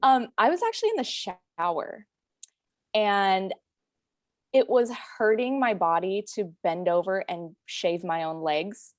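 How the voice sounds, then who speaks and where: In a clean studio recording with no room sound, an interview guest in her late twenties shares a personal story openly and sincerely, peppered with "like" and "you know." She speaks at a measured pace in an expressive, mid-range voice.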